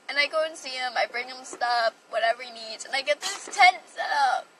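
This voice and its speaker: Her voice is high-pitched and a bit bright as this young woman shares a personal story over a phone livestream. She rambles, gets emotional, and says "like" a lot. The mic is some distance away, and faint noise lingers behind her.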